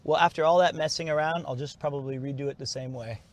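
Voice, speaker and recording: Playful male streamer, slightly high voice. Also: fairly even intonation, quick pace, noisy background. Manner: playful, jokey, reads chat aloud. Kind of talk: casual live-stream chat.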